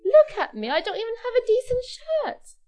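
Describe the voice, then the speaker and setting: A woman's voice: extremely high pitch, very animated, normal speed, warm tone, voice pushed up. A woman voicing a poor, sheepish young man in a storybook reading. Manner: flustered, sheepish.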